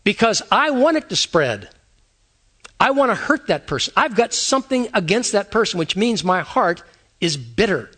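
A man's voice: high voice, big pitch swings, normal speed, pushed and bright. A man preaching a conversational sermon, asking his listeners many rhetorical questions. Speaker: pastor.

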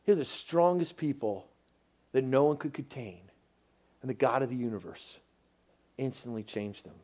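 A man preaching a sermon in a casual, animated way, at times dropping to a near-whisper. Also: medium pitch, normal speed. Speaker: pastor.

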